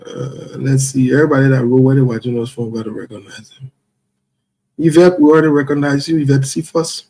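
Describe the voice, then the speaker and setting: Husky man hosting a live stream. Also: medium pitch, steady tone, fairly quick. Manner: playful, chuckling, shout-outs to viewers. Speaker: livestream host. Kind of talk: casual live-stream chat, reading out viewers.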